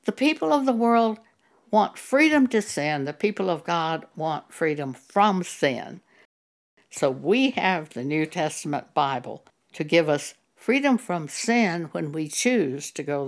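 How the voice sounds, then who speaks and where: Older woman preacher, slow measured delivery, gravelly edge, sermon testimony. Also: on the low side.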